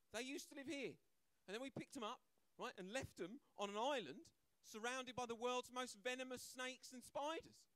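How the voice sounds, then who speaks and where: A man's voice: sits high, bright, forceful tone, clean tone, dry recording. A man performing a stand-up comedy set, brash and conversational, acting out voices and often asking "right?". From Britain. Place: comedy club stage, live audience.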